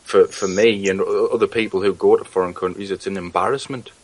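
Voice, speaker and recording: A man who is a guest on a talk show, speaking earnestly and haltingly, with frequent restarts. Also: low-pitched, fairly even intonation, low-quality recording.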